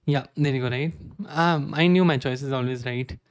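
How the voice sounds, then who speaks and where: A young man with an Indian accent streaming live code, reading documentation aloud and thinking out loud with many "okay"s. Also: medium pitch, moderate pace, no room sound. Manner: reads docs aloud, frequent "okay" fillers.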